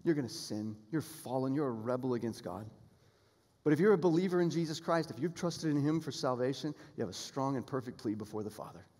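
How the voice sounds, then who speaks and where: A pastor preaching a sermon, earnest and emphatic, building toward appeals and repeating key phrases. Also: male voice, medium pitch, expressive, a little fast, a little mellow. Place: church sanctuary. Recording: long hall reverb in a church sanctuary.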